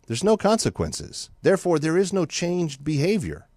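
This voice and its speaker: A man's voice: on the high side, normal speed, dry recording, clean studio sound. American man hosting talk radio. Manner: animated, mocking, acts out other voices. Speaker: radio talk show host. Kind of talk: conservative talk radio monologue. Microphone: studio microphone.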